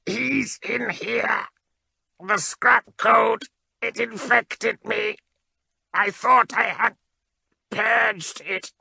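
A man voicing an anguished male tech-priest warrior possessed by a machine code, speaking slowly and haltingly. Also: high voice, fairly even intonation, gravelly, sharp tone, husky, no echo, studio quality, pitched above the performer's own voice, full character voice. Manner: slow, strained, halting.

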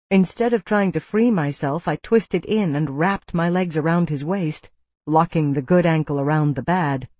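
A woman's voice: fairly low pitch, a little mellow, dry recording. A woman reading a first-person audiobook with tense, vivid storytelling. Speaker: narrator.

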